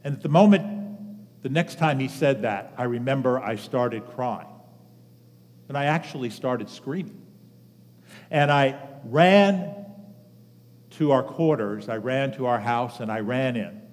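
A man's voice: mid-range voice, a little mellow. Older man preaching in a reverberant hall. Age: 70s. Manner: earnest personal storytelling with measured pauses. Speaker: pastor. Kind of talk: sermon. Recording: long reverb of a large hall.

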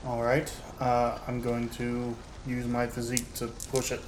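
A man at a tabletop game eagerly states his character's actions in plain terms. His mid-range voice carries through a reverberant room with clear background noise. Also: medium pitch, completely flat delivery, unhurried. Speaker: player.

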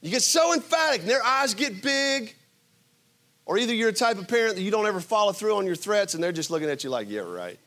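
A man preaching a sermon. He is emphatic, swings between loud bursts and quiet asides, and asks his listeners rhetorical questions. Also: sits high, lively intonation, racing, hardly any pauses. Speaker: pastor.

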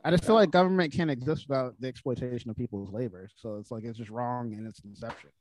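A man's voice: medium pitch, fast talker, a little mellow. A man talking on a podcast, speaking bluntly with plenty of profanity in a laid-back way. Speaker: podcast guest. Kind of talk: casual podcast banter.

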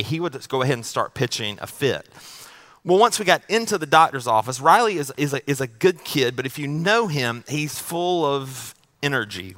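A man's voice: mid-range voice, pushed and bright. A man preaching a sermon as pastor. He tells a family story in a casual, joking way and often repeats his words as he goes.

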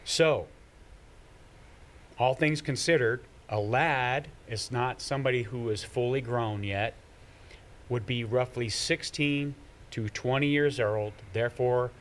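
A man's voice: mid-range voice, slight background noise. A man leading a Bible study, explaining passages step by step and reading scripture aloud in a conversational teaching manner.

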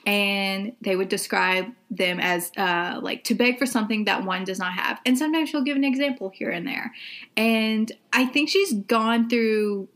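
A woman's voice: mid-range voice, normal speed, a bit bright. A young adult woman co-hosting a podcast, chatting casually with many "like" and "um" fillers. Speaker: podcast co-host.

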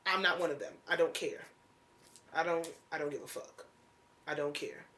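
Woman, blunt and cussing a lot, bright sharp voice, just chatting. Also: low voice, fairly even intonation, normal speed. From North Jersey, USA. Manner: blunt, profane storytelling. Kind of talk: casual chat.

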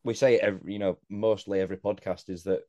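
A man's voice: low-pitched, fairly even intonation, fast talker, warm tone, no echo. A man co-hosting a casual beer podcast, reflective and talking in long winding sentences, drawing the others in with questions. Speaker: podcast co-host. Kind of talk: casual chat.

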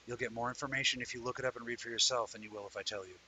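Speaking at a racing pace in a steady, sharp, medium-pitched voice, a man runs a live online talk show full of casual, meandering chat. He spins animated stories and calls out viewers by name, while a little hiss or hum runs through the low-quality recording.

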